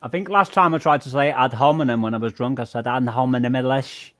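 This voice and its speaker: A man's voice: mid-range voice, steady tone, brisk, fairly bright tone, dry recording. A man in a casual group chat who rambles and laughs often. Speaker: live chat panelist.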